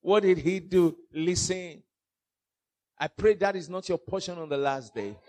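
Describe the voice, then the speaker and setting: A Nigerian-accented man preaching a fiery sermon, mixing in pidgin and swinging from loud outbursts to hushed warnings. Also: high voice, a little slow, a little hiss or hum.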